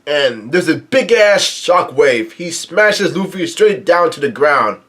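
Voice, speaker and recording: A young man casually recapping a comic chapter, halting often and correcting himself as he goes. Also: on the high side, sing-song, fairly bright tone. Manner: halting, many restarts and self-corrections. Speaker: manga reader and recapper.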